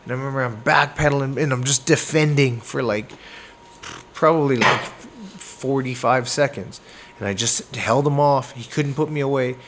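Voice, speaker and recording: A man from Canada, a boxer, telling a fight story in a casual interview, animated and acting out moments with sound words. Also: mid-range voice, moderate pace, noisy background. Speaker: boxer guest.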